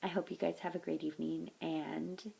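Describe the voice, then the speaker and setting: A woman storyteller reading a folktale aloud, often softly and close to a whisper. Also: low-pitched, little pitch movement, moderate pace, vocal fry, poor audio.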